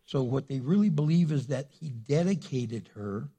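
A man's voice: mid-range voice, lively intonation, moderate pace, warm tone, husky. A man preaching a sermon as pastor, retelling a story in a casual way with many restarts.

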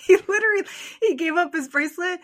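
A woman co-hosting a podcast, recounting events in animated casual chat that trails off quietly at the ends of thoughts. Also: very high voice, quick pace, no room sound, studio quality. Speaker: podcast co-host.

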